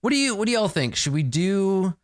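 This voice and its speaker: Man, dungeon master, tabletop game narration, animated pitch, dry close sound. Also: brisk, dry recording. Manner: lively, reads dramatic box text.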